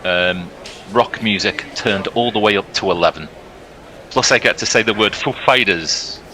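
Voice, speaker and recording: A man calls each delivery of a cricket match in a brisk, upbeat commentary style. His voice is lowish and sharply bright, and he laughs easily between balls. A faint noise hums under his voice. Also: poor audio. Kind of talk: ball-by-ball commentary.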